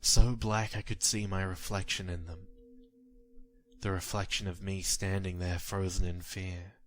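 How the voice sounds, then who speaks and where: A man reading a horror story aloud in a measured, grim storytelling manner. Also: low-pitched, flat delivery, slight background noise. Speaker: narrator. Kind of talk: scripted horror story narration. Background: faint music.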